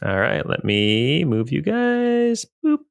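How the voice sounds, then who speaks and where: A man narrating as game master in a tabletop role-playing game, describing scenes in a relaxed way with fillers. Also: fairly low pitch, normal speed, dry recording, studio quality.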